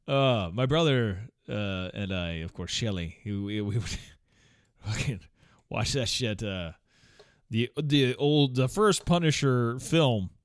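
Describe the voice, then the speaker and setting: A man's voice: lowish voice, no echo, clean studio sound. A man in his forties chatting casually at home, meandering with many fillers, restarts, swearing and small chuckles. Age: 40s. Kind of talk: casual rambling vlog chat.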